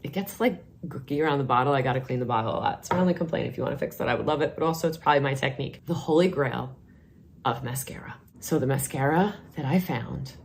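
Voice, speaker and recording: A woman's voice: rumbling low, quick pace, slight background noise. A middle-aged woman with a New York accent, chatting enthusiastically through a casual product review vlog. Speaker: vlogger, nurse.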